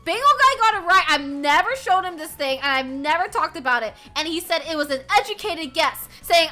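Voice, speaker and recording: A young adult woman streamer chatting casually with her viewers, loud and animated, often yelling and laughing, with a sore throat. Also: very high voice, a little fast, hardly any pauses. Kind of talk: casual live-stream chat.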